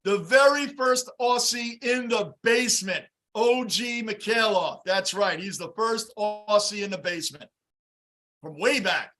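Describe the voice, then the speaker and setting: A man hosting a live football reaction stream, greeting chatters by name and shouting at big plays. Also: high-pitched, a little slow, faint music behind. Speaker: livestream host reacting to a game. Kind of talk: live game reaction and fan chat.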